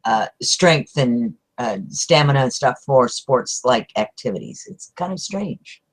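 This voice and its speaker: A woman's voice: a bass voice, lively intonation, a little slow. A woman hosting a casual radio chat, reacting with enthusiasm to her guest. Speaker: radio show host.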